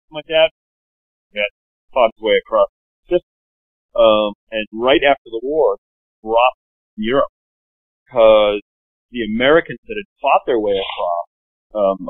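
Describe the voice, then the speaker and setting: A man's voice: medium pitch, lively intonation, moderate pace, pauses often, dry recording. Rambling man guest on a tinny line. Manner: rambling, leans on "you know" fillers. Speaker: podcast guest. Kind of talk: casual storytelling chat. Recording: dry, phone-like narrow sound.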